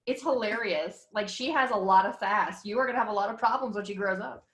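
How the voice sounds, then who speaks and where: A woman's voice: medium pitch, brisk, fairly bright tone. A woman co-hosting a podcast, reacting in an enthusiastic, gushing way. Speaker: podcast co-host. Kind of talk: casual chat. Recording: roomy, echoey sound.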